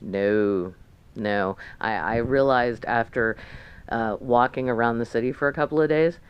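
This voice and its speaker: Chatty American woman with a smooth voice. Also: very deep voice, a little slow, dull audio. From United States. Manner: chatty, rambling, with frequent restarts and asides. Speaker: vlogger. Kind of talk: casual travel chat. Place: hotel room.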